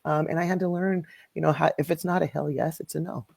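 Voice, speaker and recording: Fast-talking woman with a gravelly voice. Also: low-pitched, steady tone, darkish tone, dry recording. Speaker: guest, music educator. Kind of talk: casual podcast conversation.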